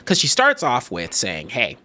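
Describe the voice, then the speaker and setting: A man hosting a casual podcast chat. He tells a story with lots of swing in his pitch, acting out the other people in it and cursing freely as he goes. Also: a little fast. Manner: animated, acts out other people's voices. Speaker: podcast host.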